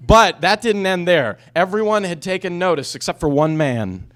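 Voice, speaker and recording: A young man doing stand-up, his voice sitting a little high for a guy. He rambles through his story, doubling back and restarting mid-sentence. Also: expressive, moderate pace. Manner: rambling, self-interrupting storytelling. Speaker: stand-up comedian. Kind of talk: stand-up comedy set.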